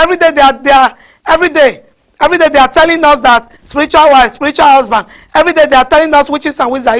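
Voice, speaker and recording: A woman preaching a sermon, animated, mixing in pidgin and often asking the crowd "huh?". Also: sits high, quick pace. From West Africa.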